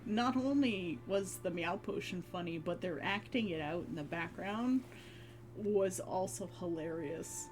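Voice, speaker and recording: A woman's voice: on the low side, unhurried, a little mellow. A woman streamer chatting casually, rambling and laughing often between phrases. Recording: background music under voice. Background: background music.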